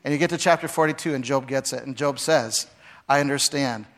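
A man preaching a sermon, with dramatic swings between loud, acted-out lines and hushed, quiet passages. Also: medium pitch, fast. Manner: dramatic, acts out voices with big swings from shouting to hushed. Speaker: pastor.

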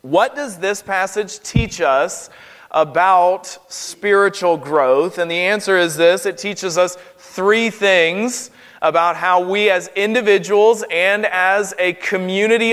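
A man from North Carolina with a Southern US accent, preaching a sermon as a guest preacher in an earnest, emphatic, deliberate way. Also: sits high, fairly bright tone, clean tone. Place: church sanctuary. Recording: long hall reverb.

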